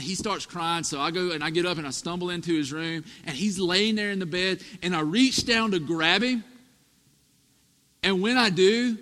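A man in his thirties preaching a sermon, telling family stories with animated, emphatic delivery. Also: a little high. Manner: storytelling, animated, rising to emphatic peaks. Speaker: pastor. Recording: echoey hall reverb.

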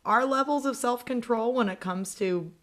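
A woman's voice: on the high side, normal speed. Jokey American woman co-hosting a podcast. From United States. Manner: animated, jokey, laughing. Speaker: podcast co-host. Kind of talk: casual chat.

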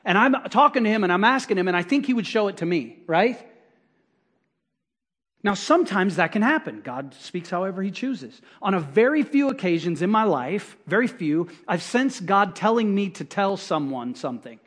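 A middle-aged male pastor delivers a sermon in a high-pitched voice. He keeps it conversational, acting out little quotes and hammering points through repetition. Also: big pitch swings, moderate pace, a bit bright.

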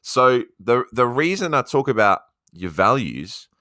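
A man's voice: mid-range voice, sing-song, unhurried, bright, forceful tone, no echo, clean studio sound. A man with an Australian accent hosting his own solo podcast in a chatty, casual way, sometimes voicing his listeners' questions back to himself. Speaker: podcast host.

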